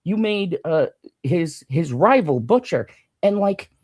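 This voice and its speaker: A man co-hosting a casual review podcast, talking fast and animated, swearing freely and laughing often. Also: on the high side. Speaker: podcast co-host.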